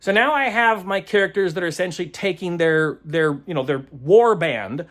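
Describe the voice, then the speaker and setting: Rambling game master recapping casually. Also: male voice, high-pitched, expressive, normal speed, a bit bright. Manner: rambling, searching aloud for words; chuckles often.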